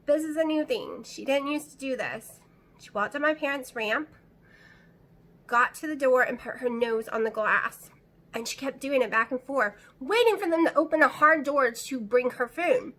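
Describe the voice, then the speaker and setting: Middle-aged woman talking to camera from home, fairly high and very bright voice, anxious and rambling. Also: moderate pace. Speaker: vlogger. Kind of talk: casual chat to camera. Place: at home, indoors.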